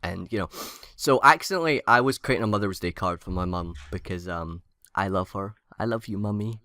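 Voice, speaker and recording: A man's voice: low voice, a little fast, bright, forceful tone, clear, resonant tone, no echo, clean studio sound. A man co-hosting a podcast, rambling and giggly, stumbling over his words in casual chat. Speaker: podcast co-host.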